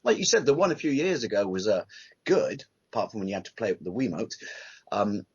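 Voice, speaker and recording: Animated podcast co-host with a husky voice, muffled lo-fi audio. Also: male voice, on the low side, fast talker. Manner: animated, swears, quotes cartoon lines in put-on voices. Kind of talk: casual chat.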